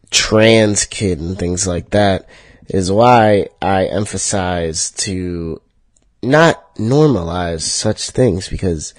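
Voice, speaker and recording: A man hosting a solo podcast, talking in a profane, heated rant that jumps high and loud when he gets worked up. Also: dry recording. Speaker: podcast host.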